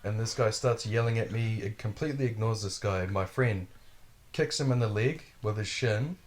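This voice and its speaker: Podcast host, man, lowish voice, loose, swearing storyteller who acts out the people in his story. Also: normal speed. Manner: profane, animated, acts out quotes. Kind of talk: casual storytelling.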